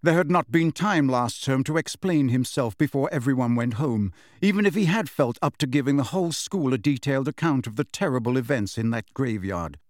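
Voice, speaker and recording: A man reading a story aloud as an audiobook narrator, steady and measured. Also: medium pitch, no echo, studio quality.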